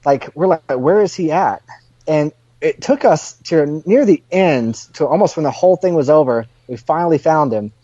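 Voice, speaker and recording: A man's voice: on the high side, animated, moderate pace, hardly any pauses, dark tone, dry recording. A man talking as a podcast guest, explaining a story step by step in casual chat. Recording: dull lo-fi dry sound.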